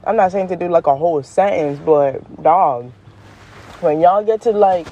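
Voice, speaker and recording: A podcast host runs her own show, delivering a relaxed, lively monologue packed with slang. Her pitch leaps up whenever she stresses a point, she laughs along the way, and she takes her time.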